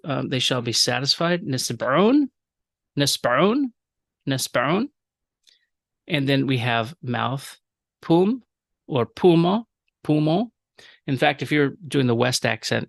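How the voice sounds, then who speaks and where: A man teaching a recorded language lecture, explaining rules with fillers and repeating example words slowly. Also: mid-range voice, gravelly, fairly bright tone, no room sound, studio quality. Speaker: professor.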